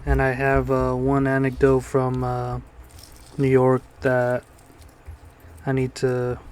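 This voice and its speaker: Male podcast co-host, casual rambling storyteller, smooth resonant tone. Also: medium pitch, completely flat delivery, takes it slowly, a little mellow. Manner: rambling storytelling with frequent fillers and laughs.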